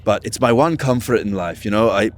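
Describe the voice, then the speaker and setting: A man quoting his male hostel boss, who sounds calm and is fond of his morning routine. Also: lowish voice, brisk, a little hiss or hum, close to an everyday voice. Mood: resigned.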